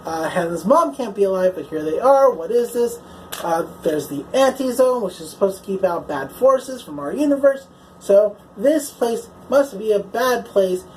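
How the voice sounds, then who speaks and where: A woman's voice: medium pitch, expressive, normal speed, a little mellow, slight background noise, low-quality recording. A woman casually recapping a TV episode as a reviewer, chatty and swearing freely, filling her talk with "like" and "you know".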